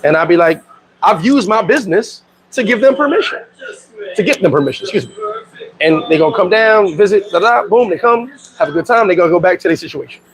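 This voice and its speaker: A middle-aged man from New York in a casual livestream. He talks in animated street slang, laughs often and reads out viewer comments. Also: sits high, brisk, crowd noise, poor audio. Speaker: vlogger.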